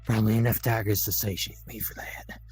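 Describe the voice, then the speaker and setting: A man's voice: lowish voice, level tone, fairly quick, in a whisper, over loud music. A man playing in a role-play session, grumbling, sighing and swearing as he talks. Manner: grumbling, swears and sighs often. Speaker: player. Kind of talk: in-character role-play chat.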